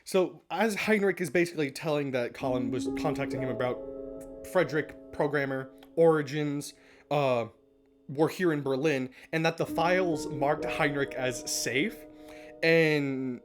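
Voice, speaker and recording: A man's voice: a little high, a little slow. A man recapping and commenting in a casual, chatty way, laughing often and swearing now and then. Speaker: podcast-style episode analyst. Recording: music playing underneath.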